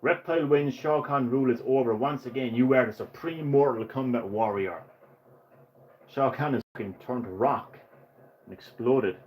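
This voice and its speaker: A young man hosting a gaming livestream, giving live play-by-play commentary full of profane trash-talk and excitable jokes. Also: medium pitch, lo-fi sound, slight background noise. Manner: brash, profane trash-talk aimed at the game; excitable, jokey, sometimes rushes his words.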